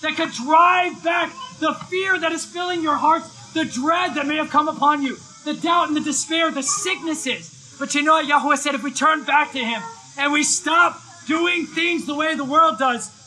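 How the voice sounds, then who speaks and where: A man preaching live, telling an excitable story with lots of shouting and bursts of energy. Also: very high voice, moderate pace, poor audio. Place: live event, outdoors or hall.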